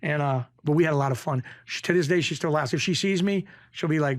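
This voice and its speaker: A man's voice: a little high, quick pace, few pauses. Chatty New man in his fifties. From Springfield, Massachusetts. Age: 50s. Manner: animated anecdotes, acts out quoted voices. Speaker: guest. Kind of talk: casual storytelling.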